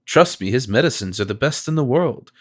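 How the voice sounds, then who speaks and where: A man voicing a solicitous male stranger, a confidence man who talks in a gentle, persuasive and flattering way. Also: medium pitch, fairly quick, natural voice.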